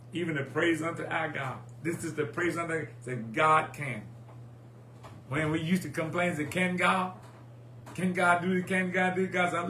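A man's voice: a little high, pushed and bright. A man preaching a sermon in a rhythmic, repeating call-and-response style, recorded in an echoey church with a faint hum. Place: church sanctuary.

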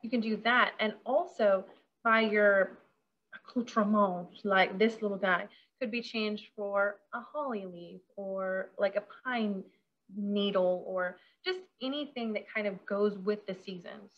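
A woman's voice: mid-range voice, measured pace, highs cut off. Bubbly, giggly woman caterer demonstrating. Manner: bubbly and chatty, giggling often. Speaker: caterer leading a workshop. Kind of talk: casual hands-on demonstration.

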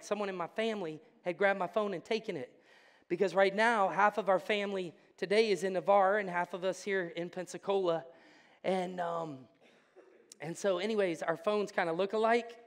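Man, pastor, joking then fervent preaching, high voice, echoing church hall. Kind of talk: sermon. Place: church sanctuary. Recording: church hall with long reverb.

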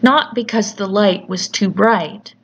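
Slow, deliberate woman narrating horror. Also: mid-range voice. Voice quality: measured, deliberate storytelling. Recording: slightly muffled with faint hiss.

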